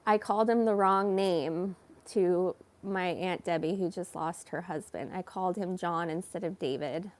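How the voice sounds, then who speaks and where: A woman telling a personal story in a casual vlog, slow and hesitant, with many fillers and some self-reproach. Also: fairly low pitch. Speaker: vlogger.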